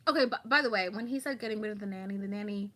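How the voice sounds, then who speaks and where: A woman's voice: medium pitch, racing, fairly bright tone. A woman hosting a casual livestream, chatting about online drama and reading viewer comments aloud.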